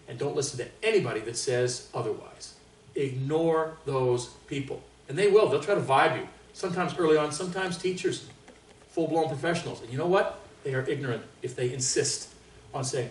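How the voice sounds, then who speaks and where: A man's voice: fairly high pitch, normal speed, slight background noise. Joking Canadian man teaching in a roomy hall. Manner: animated, joking, with boastful asides and loud exclamations. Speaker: trumpet master class teacher. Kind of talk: casual master class lecture. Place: large room with an audience. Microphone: distant microphone. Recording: roomy, distant sound.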